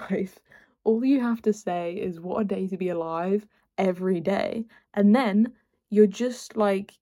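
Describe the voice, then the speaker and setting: Rambling young woman with a gravelly edge. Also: medium pitch, a little mellow. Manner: rambling, exasperated, full of filler words. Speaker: podcast host. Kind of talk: casual solo chat.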